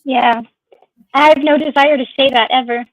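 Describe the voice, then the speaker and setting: Chatty woman, slightly high, dry close mic. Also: fairly even intonation, dry recording, dull audio. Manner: chatty, musing, slow drawn-out phrasing. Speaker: streamer. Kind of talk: casual chat.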